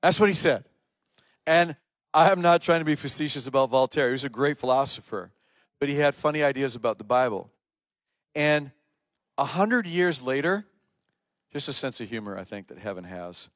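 A man preaching a sermon, his voice caught close and dry. He swings from loud, stressed words to quiet, low asides. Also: expressive, moderate pace, pauses often, dry recording. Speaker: pastor. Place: church service.

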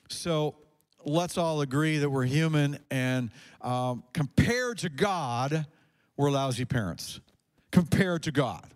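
A male pastor preaching a sermon to a congregation in a church, impassioned, often repeating words and restarting sentences. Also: medium pitch. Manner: impassioned, rising to fervent peaks.

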